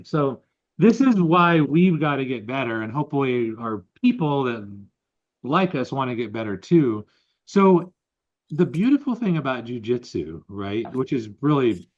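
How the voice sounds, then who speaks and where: A man's voice: mid-range voice, highs cut off. A man co-hosting a podcast, chatting casually and explaining ideas with examples. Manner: animated, explains with examples and quotes. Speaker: podcast co-host. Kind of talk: casual conversation.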